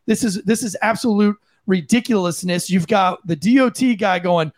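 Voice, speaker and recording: A man's voice: sits high, moderate pace. A man and former police officer giving blunt, profane, impassioned commentary on a podcast. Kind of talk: heated opinion commentary.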